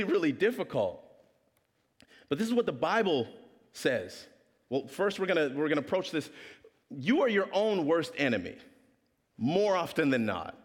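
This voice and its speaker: Animated male preacher in a reverberant hall. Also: a little high. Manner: animated storyteller acting out voices. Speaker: pastor. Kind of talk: storytelling sermon.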